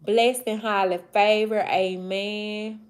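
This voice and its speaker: A woman's voice: medium pitch, steady tone. A woman in her forties from the American South with a Mississippi Southern accent, hosting a casual livestream and greeting viewers by name. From Southern United States. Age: 40s. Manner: drawling, slow, affectionate, shout-outs to viewers. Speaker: livestream host. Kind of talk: casual livestream chat reading comments.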